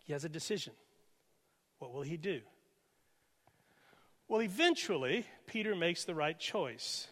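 A male pastor preaching a sermon with dynamic delivery, moving from loud emphasis to hushed near-whispers. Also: fairly high pitch, expressive, measured pace, long pauses. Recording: reverberant hall.

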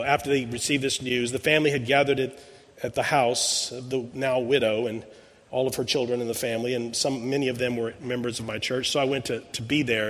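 A man's voice: mid-range voice, a bit bright. A pastor in his sixties giving a sermon, telling a personal story in a conversational way, often restarting his words. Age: 60s. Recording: long reverb in a large hall.

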